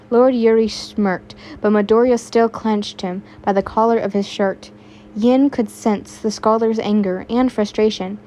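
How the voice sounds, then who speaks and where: A woman's voice: on the high side, steady tone, a little slow, warm tone, slight background noise. A young woman reading fan fiction aloud in a casual way, stumbling now and then and adding her own asides. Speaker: fanfiction reader.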